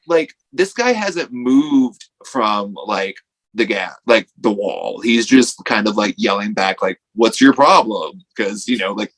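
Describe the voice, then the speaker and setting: A man's voice: medium pitch, a bit bright, poor audio. Chatty man telling a rambling story. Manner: rambling storytelling full of "like", acting out quotes. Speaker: wrestler, podcast guest. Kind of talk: casual anecdote on a podcast.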